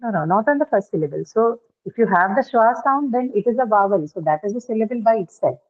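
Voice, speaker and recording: A woman's voice: mid-range voice, lively intonation, fast, darkish tone. A woman teaching a lesson on word stress, explaining step by step and often checking with "right?". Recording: thin phone-like line.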